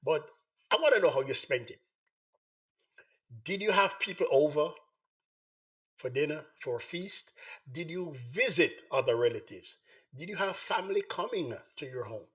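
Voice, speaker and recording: A man hosting a live online talk show, hoarse from the flu, repeatedly coaxing viewers to join in. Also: on the high side, animated, normal speed, long pauses, fairly bright tone. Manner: repetitive, coaxing appeals to viewers. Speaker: host.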